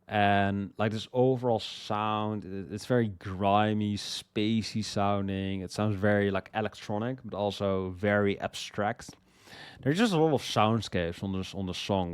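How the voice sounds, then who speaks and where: A man's voice: low voice, clean tone, no room sound. A young man casually reviewing his favorite songs in a rambling way, full of "like" and "you know" and repeated words. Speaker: music reviewer. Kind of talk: casual spoken song review.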